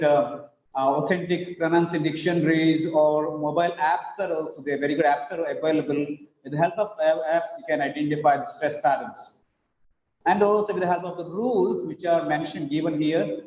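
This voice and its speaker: A patient male English teacher leads an online phonetics lesson and says each word slowly to show where the stress falls. His voice sits fairly high and sounds echoey and dull, like a room heard over a web call, with faint hiss behind it. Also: a little mellow. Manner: patient, repeats words slowly to model stress.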